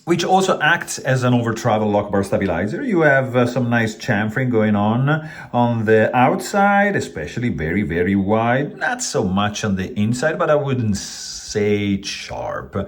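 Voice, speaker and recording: A man's voice: medium pitch, sing-song, moderate pace. A man casually reviewing a pocketknife, rambling with many fillers and restarts while handling the knife as he talks.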